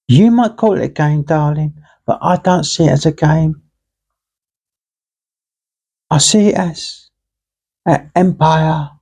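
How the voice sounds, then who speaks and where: A woman's voice: low-pitched, slow, pauses often, dark tone, husky. A woman, telling a playful story in a rambling, casual monologue. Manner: chatty, playful storyteller acting out both sides. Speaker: vlogger.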